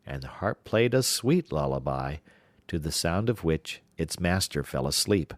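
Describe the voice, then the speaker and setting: A man giving scripted narration of a fairy-tale audiobook in an even, measured way. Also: very deep voice, no room sound, studio quality.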